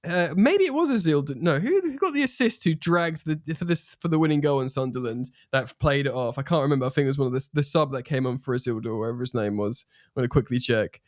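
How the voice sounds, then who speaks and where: Animated English man on a football podcast. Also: mid-range voice, fast talker, no echo, clean studio sound. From England. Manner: animated, swears freely, puts on playful accents. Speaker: podcast co-host. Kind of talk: casual football chat.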